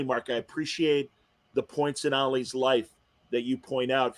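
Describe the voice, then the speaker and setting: A man hosting an interview podcast, telling stories in an animated, emotional, casual way. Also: mid-range voice. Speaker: podcast host interviewing comic creators. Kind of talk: casual chat.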